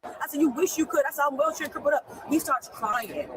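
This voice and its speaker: A woman's voice: high-pitched, brisk, noisy background. A woman recounting a family fight at home in an agitated rush, constantly quoting what everyone said. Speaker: person telling an officer about a family fight. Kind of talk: heated retelling.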